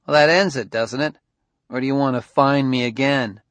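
A man voicing a shrewd male detective who presses a suspect in a firm, measured, needling way. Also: mid-range voice, fairly even intonation, a bit bright, dry recording, natural voice. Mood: probing.

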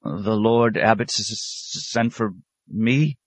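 A man's voice: fairly low pitch, normal speed, no echo, voice pushed up, natural voice. A man voicing a timid seventeen-year-old novice monk who stammers and gasps his replies. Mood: terrified. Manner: stammering, breathless.

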